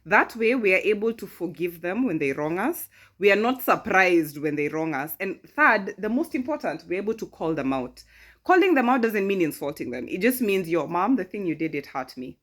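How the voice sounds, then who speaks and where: A woman in her thirties chatting casually with a friend for her vlog, animated and often echoing her friend's words. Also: medium pitch, moderate pace. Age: 30s. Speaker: vlogger. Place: in bed indoors.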